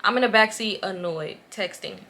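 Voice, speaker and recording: A young woman in her twenties telling a casual storytime in an animated, profane way, getting loud when exasperated. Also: medium pitch, moderate pace. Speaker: vlogger.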